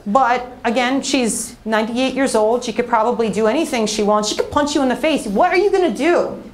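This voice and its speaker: A young woman telling a comic story on stage, animated and sarcastic, at a live venue. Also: on the high side, brisk.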